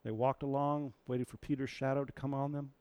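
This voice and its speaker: A man's voice: mid-range voice, flat delivery, fairly quick, a little mellow, smooth, no room sound. Storytelling male preacher, dry sound. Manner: storytelling, asks the audience questions. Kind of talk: sermon.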